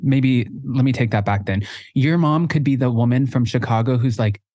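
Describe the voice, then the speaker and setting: A podcast co-host with a medium-pitched, darkish voice at a moderate pace chats casually and playfully, laughing often. The recording is clean studio sound with no room sound.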